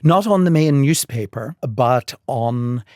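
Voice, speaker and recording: An older man with a Northern Irish accent tells his career stories in a podcast interview, measured and articulate, with a dry wit. His voice sits at an ordinary pitch. The sound is dry and close, with no room around it. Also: lively intonation, a little mellow, no room sound. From Northern Ireland. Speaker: guest.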